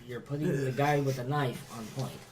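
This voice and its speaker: A man's voice: mid-range voice, normal speed, darkish tone. A man playing a tabletop game, easygoing and offering suggestions in casual talk. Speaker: player.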